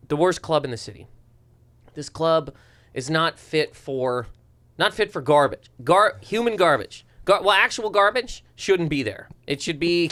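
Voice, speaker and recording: A man from eastern Canada, a comedian telling a story in casual chat, animated and acting out voices. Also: fairly high pitch. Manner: animated, swearing, acts out voices. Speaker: comedian guest.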